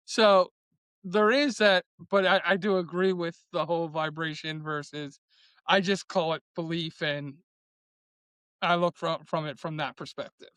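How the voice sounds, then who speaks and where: High-voiced man, emphatic and stumbling. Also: steady tone, a little slow, a bit bright, clean tone, no room sound. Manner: emphatic, stumbling over his words. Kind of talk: casual podcast conversation.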